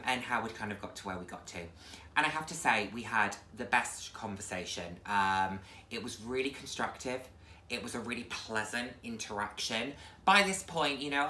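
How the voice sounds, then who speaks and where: Low-voiced woman in a roomy echo. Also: pushed and bright, a little hiss or hum. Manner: chatty, reflective, many ums. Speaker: vlogger. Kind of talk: casual chat to camera.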